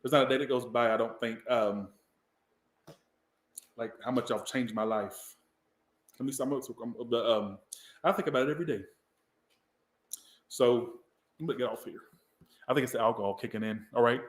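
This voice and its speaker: A man's voice: mid-range voice, normal speed, long pauses, roomy sound. A man from the Southern US, giving a casual, rambling tarot reading and swearing now and then. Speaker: tarot reader.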